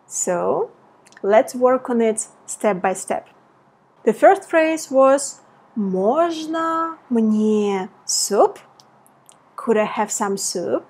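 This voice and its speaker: A woman teaching a language lesson in English, explaining grammar and repeating example phrases slowly. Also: fairly high pitch, a little mellow, husky. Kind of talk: slow language lesson with read-aloud examples.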